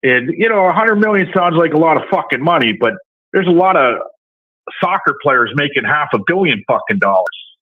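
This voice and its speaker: A man's voice: on the high side, expressive, moderate pace. Brash Southern man ranting by phone. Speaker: caller. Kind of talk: profane call-in rant. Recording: tinny phone line.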